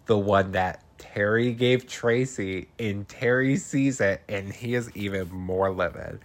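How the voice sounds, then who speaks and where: A man's voice: on the low side, unhurried. A man hosting a podcast, recapping a horror film in casual chat, laughing often, swearing freely and throwing in dramatic asides.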